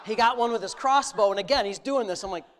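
A middle-aged man preaching a sermon, telling a personal story and then exhorting his listeners boldly, with rising loud emphasis. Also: high voice, quick pace. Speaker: pastor.

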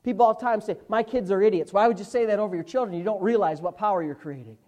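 Male pastor, emphatic sermon, drawn-out scripture quotes. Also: high voice, a little mellow. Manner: emphatic preaching, slows and swells on scripture.

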